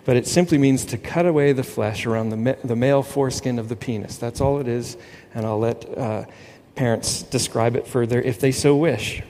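A man preaching a sermon, animated and quoting scripture with emphasis. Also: medium pitch, moderate pace, big-room sound, slight background noise. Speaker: pastor.

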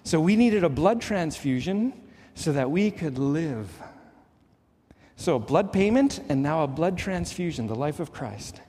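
A middle-aged man from Canada preaching a sermon as pastor, earnest and emphatic, swinging between pressing highs and hushed lows. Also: big pitch swings, measured pace, slightly rough. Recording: long hall reverb.

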